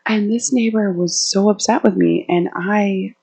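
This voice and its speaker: A woman's voice: medium pitch, steady tone, unhurried, creaky, dark tone, breathy edge, rough recording. Chatty woman herbalist giving a talk. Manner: chatty and anecdotal, laughing often. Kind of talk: casual presentation to a live audience. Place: indoor meeting room, walking around while speaking.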